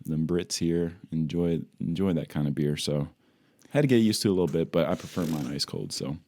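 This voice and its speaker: Playful guy with a low voice co-hosting a chill podcast, says stuff twice for fun. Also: animated, brisk, creaky, dark tone. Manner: playful, upbeat, repeats phrases for fun. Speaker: podcast co-host. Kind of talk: casual chat over drinks. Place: home in the UK on a video call.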